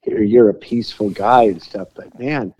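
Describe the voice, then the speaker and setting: A man's voice: on the low side, normal speed, warm tone. A man hosting a casual chat, laid-back, with surfer slang and short reactions. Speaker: podcast host. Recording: dull lo-fi sound.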